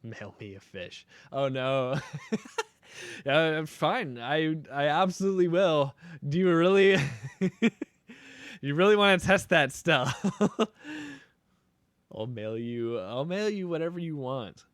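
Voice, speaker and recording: A man's voice: fairly high pitch, animated, takes it slowly, pauses often, fairly bright tone, smooth, no echo. A young man chatting casually on a live stream while making beats, joking and rambling playfully.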